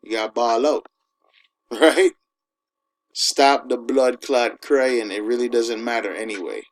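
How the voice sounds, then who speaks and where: A preacher with a mid-range voice gives an informal, emphatic and conversational sermon, repeatedly asking listeners "all right?" and slowing down to read scripture. The recording is rough.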